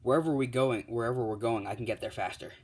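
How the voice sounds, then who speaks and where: A man's voice: on the low side, level tone, fast talker, slightly rough. A man voicing a curious young dragon boy. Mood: cheerful. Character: young male dragon in human form, curious, cheerful.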